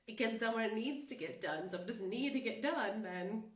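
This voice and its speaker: A woman's voice: fairly high pitch, brisk. A woman coach with a stuffed-up cold, chatting casually and rambling with fillers and laughs. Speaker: life coach. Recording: roomy and distant from the mic.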